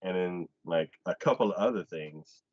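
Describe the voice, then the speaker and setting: With a moderate pace, the male host of a casual anime show narrates an episode in lively fashion, his pitch leaping as he plays out the characters' lines. The dull, lo-fi recording carries no room sound.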